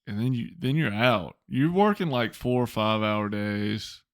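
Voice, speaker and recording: A man's voice: on the low side, lively intonation, unhurried, no room sound, clean studio sound. A man co-hosting a podcast in casual chat, blunt and exasperated as he rants. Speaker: podcast co-host.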